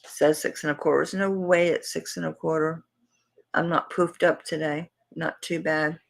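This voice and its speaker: Her voice sits low with little pitch movement and a creaky quality, at normal speed, on a rough recording. She's a Southern-accented woman from Tampa, Florida, USA, running a live jewelry sale with casual live-stream selling chat, rambling and talking to herself while hunting across her table.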